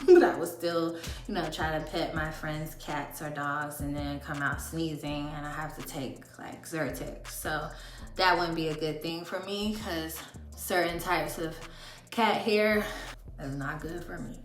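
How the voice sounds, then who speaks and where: A woman in her thirties with a lilt, chatting casually to viewers as she does her makeup. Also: low voice. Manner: chatty, talks while doing makeup. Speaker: beauty vlogger. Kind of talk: casual get-ready-with-me chat. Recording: roomy echo with music behind.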